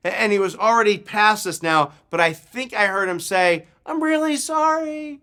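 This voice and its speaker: Pastor guy telling a story in his sermon, bright punchy voice, gets really animated. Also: high-pitched, moderate pace, clear, resonant tone.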